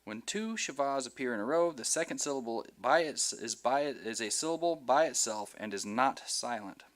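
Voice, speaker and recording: A man's voice: medium pitch, lively intonation, normal speed, a bit bright. A man teaching a Hebrew class over a video call, patiently repeating each word for his students.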